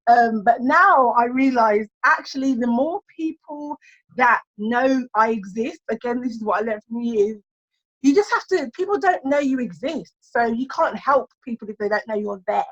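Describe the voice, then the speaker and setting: A woman guest on a podcast chatting casually, lively and theatrical, laughing often. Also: fairly high pitch, moderate pace, highs cut off. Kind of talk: casual chat.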